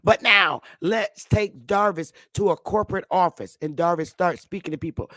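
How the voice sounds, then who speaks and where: A woman's voice: fairly low pitch, normal speed, few pauses, fairly bright tone, dry recording. A woman in her fifties giving a casual, rambling monologue to her viewers, repeating herself and calling them sweetheart and love. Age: 50s. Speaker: channel host. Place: Connecticut.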